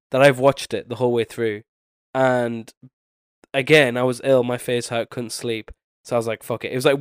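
A man's voice: mid-range voice, clear, resonant tone, no room sound, clean studio sound. Sick, nasally young man. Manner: rambling, loses his train of thought. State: sick with a bad cold, sleepless. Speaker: podcast co-host. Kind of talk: casual chat.

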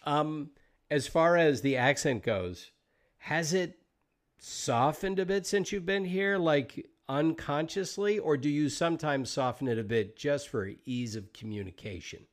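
Relaxed American male podcast host. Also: fairly high pitch, a little slow. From United States. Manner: relaxed, conversational, occasional swearing. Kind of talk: casual interview chat.

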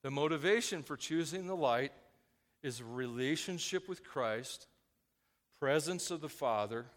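A man preaching a sermon as a pastor, swinging from loud emphatic points to quiet asides. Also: a little high, lively intonation, unhurried, in a large hall.

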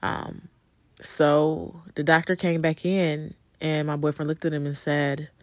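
A woman's voice: deep voice, little pitch movement, a little slow, dry recording. A woman telling viewers a personal story in a conversational way, with frequent ums and repeated phrases. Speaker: vlogger telling her birth story.

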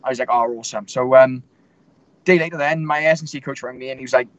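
Fast-talking young man. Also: mid-range voice, no room sound, highs cut off. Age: 20s. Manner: rambling storytelling with many fillers. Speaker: MMA fighter guest. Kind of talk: casual interview chat.

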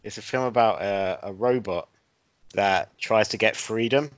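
A man hosting a casual comedy chat, telling made-up stories in a deadpan way. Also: fairly low pitch, a little slow, no room sound, dull audio. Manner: deadpan absurd storytelling. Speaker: podcast host.

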